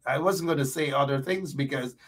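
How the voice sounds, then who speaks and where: A man's voice: a little high, fairly quick, fairly bright tone. A man, a guest on a talk show, speaking in a fiery, mocking way and building emphatic lists. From Guyana. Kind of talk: heated talk show call. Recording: voice a bit far from the mic.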